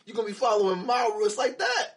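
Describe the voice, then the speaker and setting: High, animated man telling stories. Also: racing, a crowd in the background. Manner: animated storyteller, laughs through lines. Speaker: podcast co-host. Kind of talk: casual chat.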